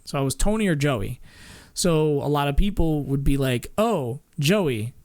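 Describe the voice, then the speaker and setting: A man's voice: on the high side, expressive, normal speed, darkish tone, clear, resonant tone. A man streaming and chatting casually, rambling with lots of fillers, restarts and little laughs. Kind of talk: casual chat with chat.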